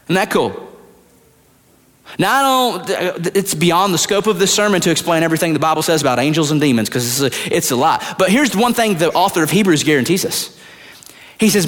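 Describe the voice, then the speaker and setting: A man preaching a sermon as pastor, swinging from loud high retellings to hushed low asides. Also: animated, brisk. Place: large church hall. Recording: long hall reverb, at times far from the mic.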